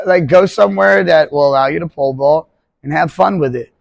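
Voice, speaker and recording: A man's voice: on the high side, moderate pace, vocal fry, no echo. A man in his twenties, a pole vault coach, talking casually and rambling on a podcast. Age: 20s. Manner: rambling, conversational, jokey.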